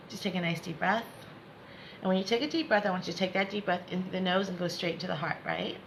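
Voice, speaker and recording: A woman's voice: on the low side, fairly quick, creaky, a little hiss or hum, poor audio. A woman giving a live spiritual lesson, repeating herself to encourage viewers and laughing often. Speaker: spiritual teacher.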